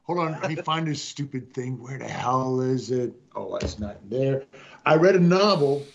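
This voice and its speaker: A man's voice: mid-range voice, lively intonation, normal speed, gravelly. A man in a casual chat, rambling and thinking aloud as he searches for something. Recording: dull lo-fi line.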